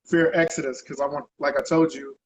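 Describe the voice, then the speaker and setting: A man's voice: on the high side, level tone, a little fast, slight background noise, rough recording. A man being interviewed as a guest artist, talking in a loose, rambling way and tagging his sentences with conversational asides. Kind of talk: casual interview chat.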